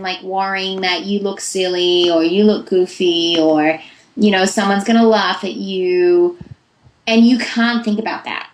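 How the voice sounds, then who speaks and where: A woman's voice: medium pitch, echoey room, poor audio. A young woman, a voice actress, giving chatty, long-winded answers in a casual interview. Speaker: voice actress guest.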